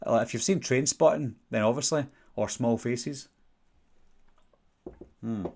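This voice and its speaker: A man's voice: medium pitch, unhurried, a little mellow. A young man with a Glaswegian Scottish accent, hosting a casual live-stream Q&A and rambling through viewer questions with many fillers. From Scotland. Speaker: channel host.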